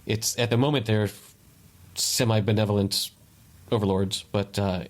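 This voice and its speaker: Low-voiced man explaining tech at length. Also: steady tone, normal speed. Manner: meandering explanations with many restarts. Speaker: podcast co-host. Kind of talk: casual chat.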